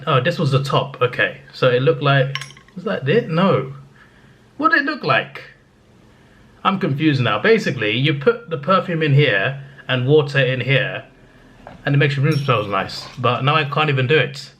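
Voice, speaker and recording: A man's voice: medium pitch, a bit bright. Chatty young man telling a story. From England. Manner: chatty, laughs often, stammering restarts. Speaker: vlogger. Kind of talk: casual storytelling.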